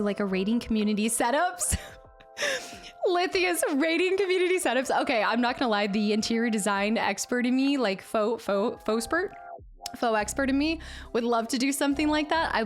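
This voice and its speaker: A woman streamer chatting casually with her viewers, reading their messages aloud and laughing often. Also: on the high side. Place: home streaming setup.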